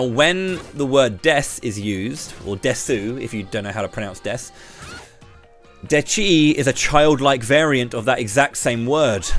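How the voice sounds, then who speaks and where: A British man with a slight lisp, streaming live and ranting to his chat while throwing quick questions at viewers. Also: mid-range voice, a bit bright. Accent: British English. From Britain. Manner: ranty, talks straight to chat with quick questions.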